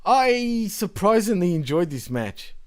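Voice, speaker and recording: A man's voice: high-pitched, sing-song, a little slow. A man hosting a casual wrestling podcast, laughing often, swearing and enthusiastic. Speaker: podcast host.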